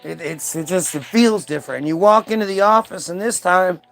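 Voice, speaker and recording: Guy with a high raspy-fry voice, telling a story, acting out the lines, cussing a lot. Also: normal speed, music in the background. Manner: acts out quoted dialogue, swears freely. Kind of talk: casual storytelling monologue.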